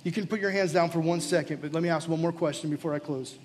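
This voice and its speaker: A man with a slightly raised pitch preaches live to a gathered crowd as their pastor. He speaks earnestly, urging and pleading, and often sinks into soft, intimate tones during the altar call and prayer. A faint hum of the room sits behind him. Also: steady tone, quick pace. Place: church or youth gathering, live.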